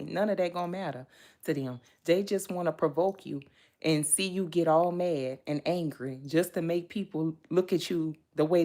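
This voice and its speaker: A woman who reads tarot, ranting casually to her viewers in a blunt, animated way, swearing freely, laughing often and talking straight to them. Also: on the low side. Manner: chatty, addresses viewers directly. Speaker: tarot reader. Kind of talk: casual vlog rant to viewers.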